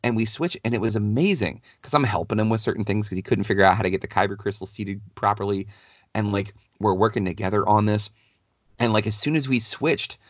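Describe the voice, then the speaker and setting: Low-voiced man telling a rambling story. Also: no room sound. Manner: animated, rambling, many "like" fillers. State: has a cold, clears throat. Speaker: podcast co-host. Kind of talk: casual storytelling chat.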